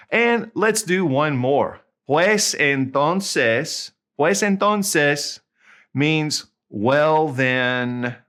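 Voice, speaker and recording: A man teaching a video language lesson, explaining in a relaxed way and drawing out words slowly to demonstrate them. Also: mid-range voice. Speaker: Spanish tutor.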